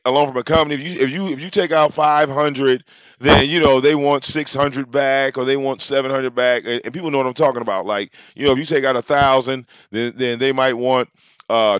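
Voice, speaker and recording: A man, telling a story casually to his audience. He talks in an animated, profane way, often repeating words and restarting his sentences. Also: medium pitch, dry recording, lo-fi sound. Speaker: channel host.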